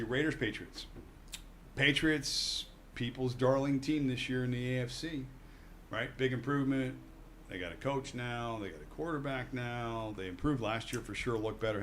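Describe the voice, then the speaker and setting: A man's voice: mid-range voice, a little hiss or hum. A man co-hosting a sports radio show, making football picks in casual, upbeat banter. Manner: lively, upbeat, quick-firing picks. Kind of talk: casual sports betting chat.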